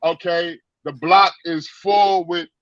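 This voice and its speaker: A man telling a story in a casual chat, animated and profane, with lots of stammered restarts, on dry lo-fi stream audio. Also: high-pitched, slow pace, no echo. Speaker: guest.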